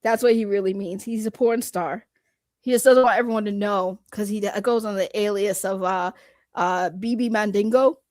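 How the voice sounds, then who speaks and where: A young woman in casual banter, teasing and giggly, telling gossip in an animated way. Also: mid-range voice, normal speed, no echo, clean studio sound. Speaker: co-host.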